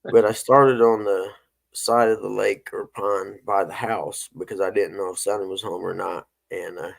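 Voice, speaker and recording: A middle-aged man hosts a casual morning chat in a low, gravelly voice. He rambles through folksy stories in an easygoing way. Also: steady tone, normal speed. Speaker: host.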